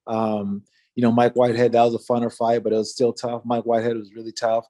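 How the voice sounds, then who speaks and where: A man's voice: medium pitch, monotone, fast talker, mellow. A man in his forties, a former fighter, telling a story in casual interview talk, loose and rambling with many fillers and restarts.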